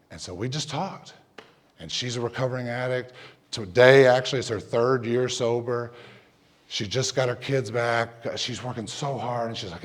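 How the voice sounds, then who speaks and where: A middle-aged male pastor telling a personal story in a sermon, lively at times and dropping to a soft hush when he prays. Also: mid-range voice, a little fast. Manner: animated storyteller, drops to a soft hush for prayer.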